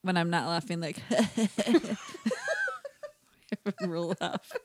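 A woman's voice: medium pitch, expressive, moderate pace, no room sound. A woman co-hosting a podcast, chatting casually, giggling often and rambling off on tangents. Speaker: podcast co-host. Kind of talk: casual chat.

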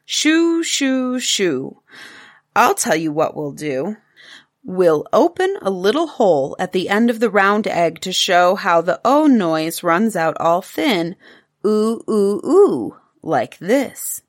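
A woman's voice: fairly low pitch, very animated, slow pace. A woman voicing a patient, playful cave-man father who explains things, in a storybook reading.

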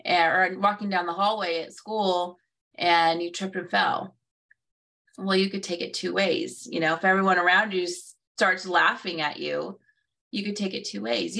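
A woman's voice: medium pitch, vocal fry, pushed and bright, far from the mic. A woman co-hosting a casual conversation, who acts out quoted reactions and laughs at herself. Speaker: co-host.

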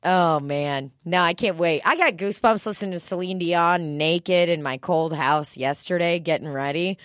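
A young woman in casual chat on a podcast, telling an animated story and swearing freely. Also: lowish voice, moderate pace, no room sound, clean studio sound.

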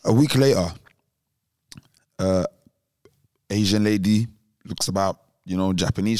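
A man's voice: fairly low pitch, fairly even intonation, a little slow, pauses often, darkish tone, no echo, studio quality. A young man, telling a story on a casual podcast and acting out other people's voices. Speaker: podcast co-host.

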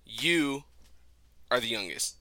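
A man's voice: medium pitch, lively intonation, slow pace, pushed and bright, no echo. A man co-hosting a podcast in a rambling, profane casual chat, often laughing. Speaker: podcast co-host.

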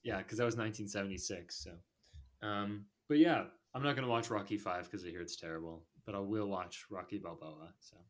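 A man's voice: fairly low pitch, fairly quick. A man hosting a podcast in casual chat, rambling with lots of filler words and frequent laughs. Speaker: podcast host.

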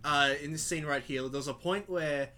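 A co-host in a casual film chat, chiming in with quick, playful remarks. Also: medium pitch, pushed and bright. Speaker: podcast co-host. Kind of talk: casual chat about films.

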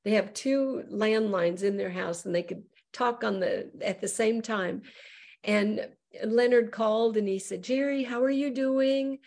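A middle-aged woman evangelist, a guest on a show, telling a personal testimony in an animated way and acting out the voices she quotes. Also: medium pitch, a little slow.

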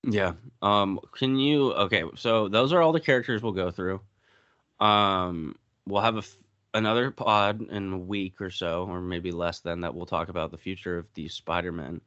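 A man's voice: low voice, steady tone, normal speed, a bit bright, no room sound, lo-fi sound. A man hosting a podcast in casual chat, laid-back and steering the conversation. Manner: laid-back, leads the segment and hands off questions. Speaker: podcast host.

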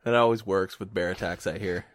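A man's voice: sits low, steady tone, a little fast. A man hosting a casual comedy podcast, joking and laughing often with his co-host.

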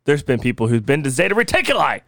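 Male podcast co-host, deadpan teaser, lively pitch. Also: fast, vocal fry, no room sound, studio quality. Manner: teasing, mock-serious, deadpan delivery of absurd claims. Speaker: podcast co-host presenting conspiracy theories. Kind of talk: casual comedic podcast chat.

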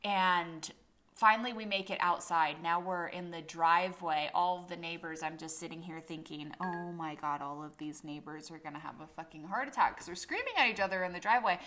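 A woman podcast co-host telling a funny story in casual chat, swearing a lot and acting out quotes loudly. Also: lowish voice, fairly quick. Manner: animated, swearing often, acts out quotes loudly.

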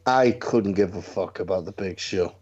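A man's voice: low voice, moderate pace, a little mellow, muffled recording. A man co-hosting a casual wrestling chat, blunt and sweary, stumbling over his words as he builds into rants. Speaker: podcast co-host.

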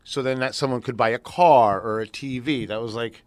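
On a casual podcast, a middle-aged co-host spins profane, streetwise stories and acts out other people's voices. His voice is mid-range at a moderate pace, and the recording is dry.

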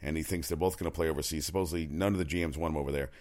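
Low-voiced male sports ranter, loose and profane, jumps between stories. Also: steady tone, very fast, a little mellow. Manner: rambling, profane, opinionated, frequent restarts. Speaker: sports talk commentator. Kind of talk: casual sports commentary monologue.

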